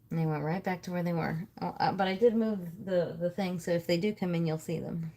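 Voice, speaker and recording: A woman's voice: on the low side, normal speed, warm tone. A woman in her thirties hosting a casual livestream from home, rambling and swearing freely while she works at her computer. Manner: chatty, swears freely, thinks aloud. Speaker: livestream host.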